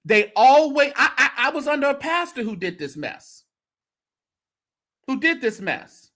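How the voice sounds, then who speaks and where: Male host reacting to a clip, drawn-out delivery, exasperated, voice rising and falling a lot. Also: very high voice, sing-song, sharp tone. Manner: exasperated, sarcastic asides. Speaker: host of a church commentary show. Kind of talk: reacting to a clip, casual commentary.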